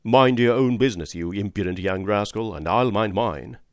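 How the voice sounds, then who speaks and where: A man doing a loud, drunken, brutal carter. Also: lowish voice, normal speed, dry recording, clean studio sound, natural voice. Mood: contemptuous. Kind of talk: audiobook character reading.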